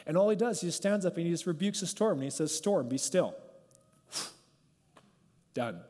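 A man's voice: sits high, expressive, normal speed, a little mellow. A male pastor giving an informal, conversational sermon and leading a prayer, talking loosely and often saying "like". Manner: conversational, peppered with "like", going off script. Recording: long hall reverb.

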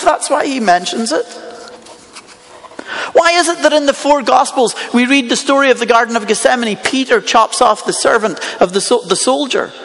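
A man delivers a sermon in a fairly high voice, talking to the listeners as if in conversation. He keeps asking them rhetorical questions as he goes. His words ring out with the long reverb of a large hall. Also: fairly bright tone. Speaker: preacher.

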